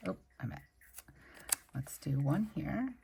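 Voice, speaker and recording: A woman's voice: low voice, sing-song, slow, vocal fry, noisy background. A young woman hosting a plan-with-me video, chatting and gushing over stickers as she decorates her planner. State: recovering from a migraine. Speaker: planner channel host. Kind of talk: casual plan-with-me chat.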